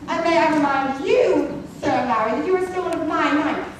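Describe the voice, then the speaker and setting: A woman's voice: high voice, moderate pace, a little hiss or hum, lightly acted. A young woman acting a domineering, scornful queen in a school stage musical, barking orders. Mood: commanding. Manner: barking, commanding. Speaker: student actor. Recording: echoey hall from far off, faint ambience.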